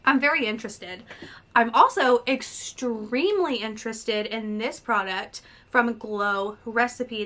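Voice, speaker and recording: Bright-voiced chatty woman of thirty. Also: a little high. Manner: chatty, reads product blurbs aloud with asides. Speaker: beauty vlogger. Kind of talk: casual product review.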